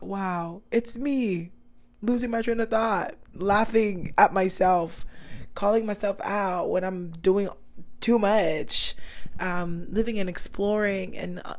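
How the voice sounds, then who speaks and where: A young woman hosting her own podcast in casual chat, talkative and quick to laugh at herself, with lots of fillers. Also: mid-range voice, a little mellow. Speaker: podcast host.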